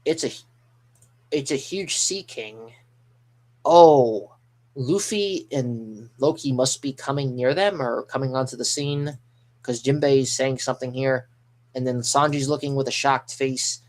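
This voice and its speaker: A man giving live reaction commentary as a manga reaction streamer, excitable and rambling, with mild swearing. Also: mid-range voice, a little slow.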